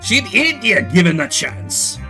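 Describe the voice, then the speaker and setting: A man's voice: a little high, wildly swooping pitch, measured pace, bright, forceful tone, soft background music, voice pushed up, full character voice. A man voicing a wild, wingless female dragon prisoner who speaks in a theatrical, teasing way.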